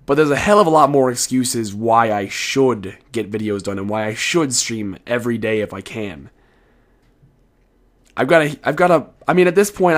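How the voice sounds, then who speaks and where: A teenage boy talking casually to his viewers late at night, rambling and frank, swearing now and then, a bit tired. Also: mid-range voice. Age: teens. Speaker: video creator. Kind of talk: casual solo commentary.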